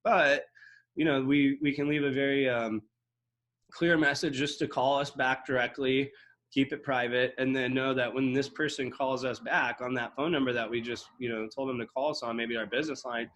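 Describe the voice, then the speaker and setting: A man giving a casual walkthrough of real estate software, rambling with lots of fillers and restarts. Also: medium pitch, fairly even intonation, moderate pace. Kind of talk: casual screen-share walkthrough.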